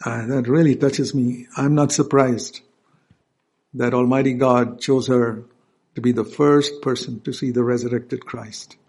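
Gravelly-voiced male preacher. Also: mid-range voice, fairly even intonation, unhurried, a little mellow. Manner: earnest, stops to explain scripture verses. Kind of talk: sermon.

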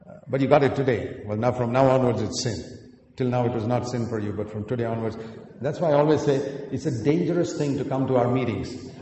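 A man's voice: mid-range voice, a little fast, a little hiss or hum. Preacher, man, in a echoing hall. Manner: earnest, storytelling, rising to emphatic peaks then dropping quiet. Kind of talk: sermon. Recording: echoey hall, picked up from a distance.

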